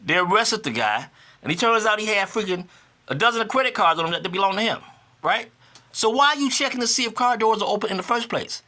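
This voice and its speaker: A man in his fifties tells his story to the camera in a lively vlog. His voice is bright and sits a little high, and it swings widely in pitch. He repeats phrases for emphasis and climbs into indignant bursts. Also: brisk. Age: 50s. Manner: animated, repeats himself for emphasis; rising to indignant outbursts. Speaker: vlogger. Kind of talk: casual vlog monologue.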